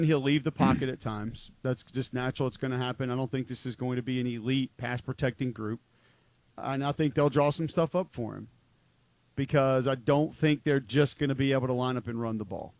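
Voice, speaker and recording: A man's medium-pitched, somewhat mellow voice carries casual sports chat on the football talk show he co-hosts. He rambles emphatically with many "like" fillers, recorded without echo.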